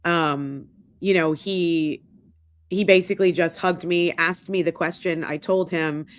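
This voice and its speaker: A woman's voice: on the low side, unhurried, no room sound, clean studio sound. A woman in her forties co-hosting a podcast, telling a family story in casual chat and acting out the quotes. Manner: animated storyteller, acts out quotes. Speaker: podcast co-host.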